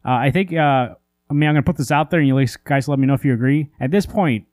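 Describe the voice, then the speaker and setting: Man, podcast co-host, casual chat, rambling, exasperated, mid pitch, dry close mic. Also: fast, darkish tone, no room sound. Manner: rambling, full of "like" and restarts; exasperated ranting. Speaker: comic book podcast co-host.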